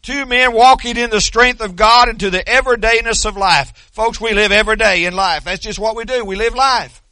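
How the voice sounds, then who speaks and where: Male pastor, sermon, high bright voice, folksy dry humor, dry close recording. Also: a little fast, no room sound. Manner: folksy storytelling with dry self-deprecating humor; repeats and restarts words.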